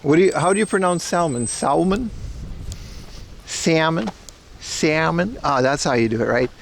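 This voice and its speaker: A man's voice: fairly high pitch, expressive, fast, slight background noise. A man from the Netherlands with a Dutch accent, chatting casually and rambling to his livestream audience while walking outdoors and through a supermarket. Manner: rambling, chummy, addressing chat as bro. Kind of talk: casual IRL livestream chat.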